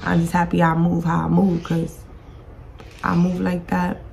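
A woman's voice: on the low side, monotone, unhurried, creaky, a little mellow, slight background noise. A woman hosting her own podcast, speaking to camera in a blunt, emotional monologue, grieving and close to tears, swearing and repeating herself. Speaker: podcast host. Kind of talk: emotional personal vlog monologue. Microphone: talking to her own camera.

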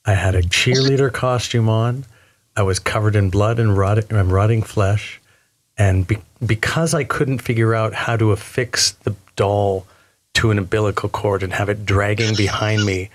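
A man riffing in an animated, analytical way during casual chat. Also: on the low side, normal speed.

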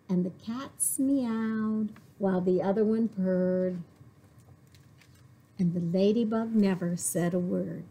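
A woman librarian reading a picture book aloud to young children, slow and clear. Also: mid-range voice, mellow. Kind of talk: storytime read-aloud.

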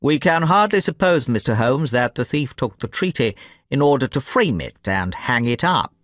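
A man's voice: medium pitch, big pitch swings, normal speed, a bit bright, dry recording. Male reader as courteous aristocrat, dry close sound. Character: dignified older male nobleman, polite.

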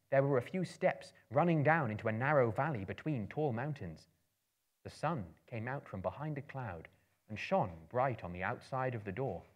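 A man reading a story aloud with dramatic flair. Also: mid-range voice. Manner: theatrical, swelling and hushing for suspense. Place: live performance venue.

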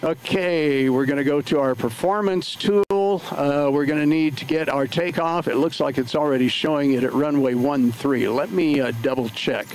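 A man's voice: fairly high pitch, normal speed, hardly any pauses, darkish tone, a little hiss or hum, low-quality recording. A man livestreaming from his home flight sim setup, talking casually through each step with lots of filler words. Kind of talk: casual live play-by-play narration.

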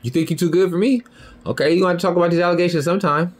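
A man hosting a podcast, delivering a heated, profane monologue that swings between loud high outbursts and low muttered lines. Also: fairly even intonation, rapid-fire. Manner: heated, profane, repeats "you feel me" and "bro". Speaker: podcast host.

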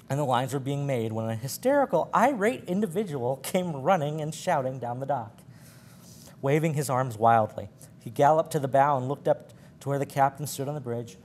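Man reading yarns aloud, stumbles, chuckles, mid-pitched, faint hiss. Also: a little mellow. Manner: stumbling, laughing at his slips. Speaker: library program presenter.

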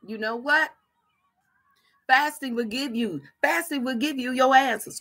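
A woman's voice: sits high, unhurried, pauses often, a bit bright. A woman preaching a fervent sermon, repeating her phrases for emphasis.

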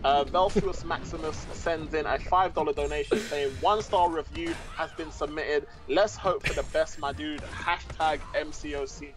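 Giggly man reading donations, higher voice. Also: fairly even intonation, normal speed, few pauses, faint music behind. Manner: giggly, reads messages aloud between laughs. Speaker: guest co-commentator reading donations. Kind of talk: casual livestream chat.

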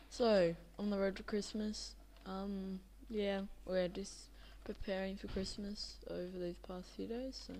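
A woman's voice: mid-range voice, little pitch movement, a little slow, hardly any pauses, a little mellow, slight background noise. A tired young woman rambling casually over a game she is playing, drowsy, with many fillers. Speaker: Minecraft video maker. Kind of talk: casual gameplay commentary.

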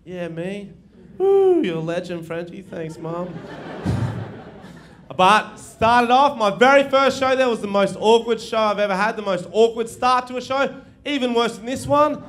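A man's voice: high voice, animated, unhurried, a bit bright, a little hiss or hum. A young man doing a stand-up comedy set, brash and swearing, laughing at his own jokes. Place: live comedy venue with audience.

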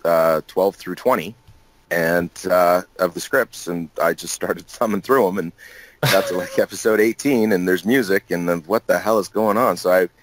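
A man's voice: deep voice, moderate pace, rough recording. A man being interviewed as a guest actor, telling loose, jokey stories in casual chat with plenty of laughs and restarts.

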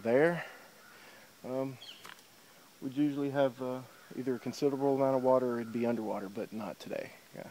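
A man's voice: medium pitch, fairly even intonation, fairly quick, dark tone. A man talks to a handheld camera as he walks a wooded river trail outdoors. His speech is loose and meandering, full of uhs and ums, and he is a little out of breath. Faint noise and mic handling can be heard under his voice. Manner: rambling, many fillers like uh and um. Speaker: hiker filming his trip. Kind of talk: casual walking vlog. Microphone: handheld camera while walking.

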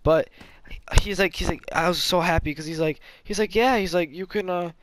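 Young male gamer, slightly higher voice, rambling casual commentary with trash talk, faint hiss behind. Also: steady tone, moderate pace, a bit bright. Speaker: gaming YouTuber.

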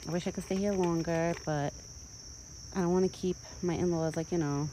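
Chatting casually as she films on her phone in a rural yard, a young woman rambles and coos to a deer in baby talk. She talks briskly, in a fairly low, dark-toned voice with fairly even intonation. The rough recording carries a little hiss or hum.

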